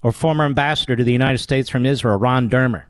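A man's voice: mid-range voice, fast, dry recording. A man hosting political talk radio in a combative, sarcastic way that often builds into a heated rant.

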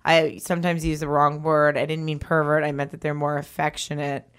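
A woman's voice: deep voice, little pitch movement, brisk, clear, resonant tone. A woman co-hosting a podcast, chatting casually in a rambling, candid way and laughing often. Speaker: podcast co-host. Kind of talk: casual banter.

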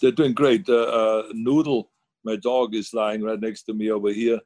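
A man's voice: on the low side, steady tone, normal speed, a little mellow, no echo. Older man, rambling chat. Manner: rambling, many fillers and restarts. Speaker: guest, former governor. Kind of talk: casual interview on a video call. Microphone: video call.

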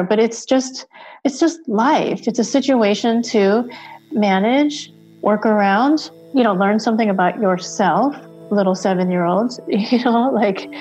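Her voice is fairly high and a little mellow. This mother of two, middle-aged, rambles through a frank personal story with hesitant restarts, performing the quoted lines of dialogue as she recalls them.

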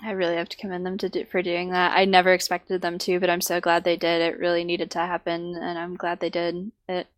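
A woman's voice: on the low side, completely flat delivery, fairly quick, hardly any pauses, no room sound. Chatty woman podcast co-host. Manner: chatty, self-correcting, tosses out tips. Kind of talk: casual gaming podcast chat.

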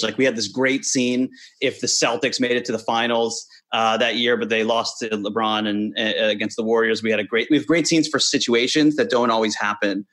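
A playful man talking casually about making a cartoon series, breaking into laughs now and then. His voice sits in an ordinary middle pitch, relaxed and unhurried. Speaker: animated series co-creator and voice actor. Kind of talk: casual chat.

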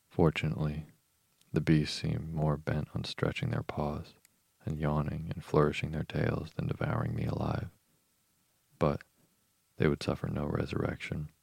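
Sleep podcast reader: very low, husky, monotone narration. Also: male voice, no echo. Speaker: podcast host reading a novel. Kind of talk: calm bedtime reading of a novel.

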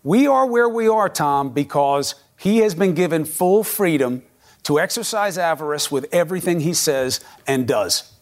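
Forceful male news anchor. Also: fairly high pitch, lively intonation, normal speed. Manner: forceful, argumentative, pressing. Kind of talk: pointed cable news interview.

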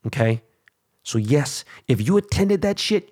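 A man's voice: mid-range voice, big pitch swings, a little slow, darkish tone. A man hosting his own show, delivering an angry, crude political rant full of swearing. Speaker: show host.

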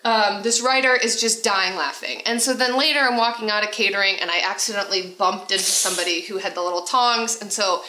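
A woman's voice: medium pitch, a little fast, few pauses, reverberant, low-quality recording. A woman co-hosting a podcast, telling a story in casual chat and acting out what others said. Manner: animated storyteller acting out quotes. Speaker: podcast co-host.

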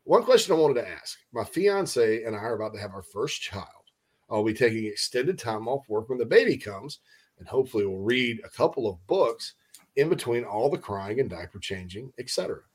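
This is a man hosting a relaxed sports talk show. He rambles, cracks jokes and fills his talk with "uh" and restarts. His pitch sits in a middle range for a man. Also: a little fast, husky. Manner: rambling, jokey, many fillers and restarts. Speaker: sports radio host.

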